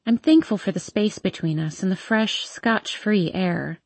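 A woman reading a first-person romance story aloud in a soft, intimate manner. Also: medium pitch, animated, moderate pace, few pauses, no echo. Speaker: audiobook narrator.

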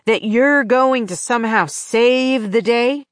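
A woman reading an audiobook, voicing a desperate corrupt male sheriff who pleads in a strained, slow way. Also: on the high side, no room sound, studio quality, voice pushed up. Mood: taunting.

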